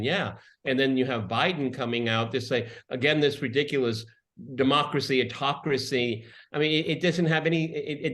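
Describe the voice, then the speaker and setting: A male co-host talks through his point in a reflective way and checks in with short okays. His voice sits at a middle pitch. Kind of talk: conversational political commentary.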